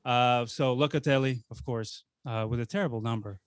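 A man hosting a casual podcast over a video call, talking in an enthusiastic, excitable way and laughing easily. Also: mid-range voice, moderate pace, no room sound, clean studio sound. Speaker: podcast host. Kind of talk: casual chat.

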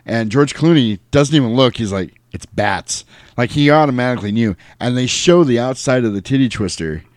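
A man's voice: medium pitch, fairly quick, darkish tone, dry recording, clean studio sound. A man co-hosting a casual chat, animatedly recapping a movie and acting out its lines with laughter. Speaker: podcast co-host.

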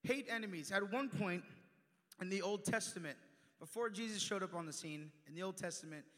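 A young man preaching a sermon in a church, animated, swinging from loud emphatic lines to hushed asides. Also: sits high, a little fast. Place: church sanctuary. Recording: long church reverb.

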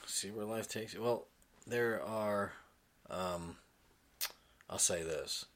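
A relaxed man in his thirties chats on a podcast in a slightly low voice. He talks easily, laughs often and fills his pauses with ums. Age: 30s. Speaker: podcast host and father. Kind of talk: casual chat.

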